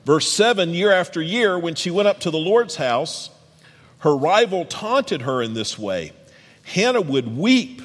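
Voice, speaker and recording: A pastor with a slightly high voice delivers a sermon, reading scripture aloud and addressing the congregation directly with animation. A long hall reverb colors the recording.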